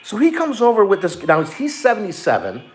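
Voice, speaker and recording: A middle-aged man, an online reseller, telling a story in casual chat, animated and swearing as he acts out what people said. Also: high-pitched, a little fast.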